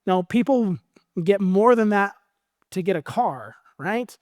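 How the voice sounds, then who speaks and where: A male pastor with an American accent, preaching a sermon in a conversational, animated storytelling way. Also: sits high, takes it slowly, no room sound, studio quality.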